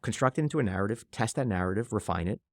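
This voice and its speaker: A man being interviewed on a podcast, telling stories quickly and acting out what people say. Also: on the low side, no room sound, studio quality. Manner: fast, animated storyteller who acts out quotes. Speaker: guest, venture investor.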